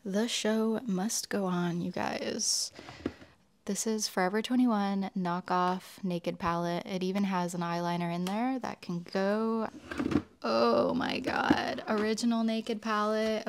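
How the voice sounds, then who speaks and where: A woman's voice: on the low side, darkish tone, slight background noise. A young woman beauty vlogger in casual chat to camera, chatty and exclaiming as she talks through each item.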